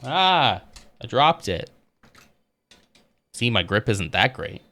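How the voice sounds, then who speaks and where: A man's voice: mid-range voice, big pitch swings, slow pace, bright, forceful tone, a little hiss or hum. A man livestreaming as he builds a Lego set, chatting casually and laughing often at himself.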